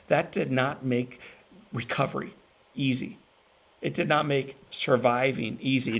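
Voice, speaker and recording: A man giving an emotional inspirational keynote, telling a personal story with pauses and repeated phrases for emphasis. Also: medium pitch, vocal fry. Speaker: motivational speaker. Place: virtual event stream.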